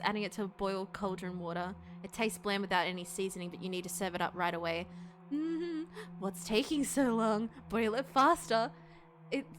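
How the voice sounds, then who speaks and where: A woman's voice: mid-range voice, noisy background. A woman streaming a video game, reading its text aloud and reacting, swearing often and squealing when something scares her.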